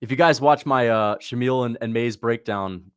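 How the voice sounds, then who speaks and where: Man, casual live-stream fight reactor, mid pitch, chatty, prone to excited outbursts. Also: normal speed, clear, resonant tone. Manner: excitable, talks to chat, sudden shouts at big moments. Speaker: livestream host reacting to fights.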